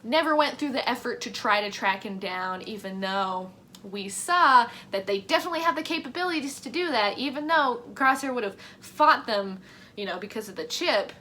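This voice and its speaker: A woman's voice: on the high side, lively intonation, normal speed, sharp tone, a little hiss or hum. Exasperated, swearing woman ranting. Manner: acts out quoted lines in a mocking voice. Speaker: reaction vlogger. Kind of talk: casual reaction commentary.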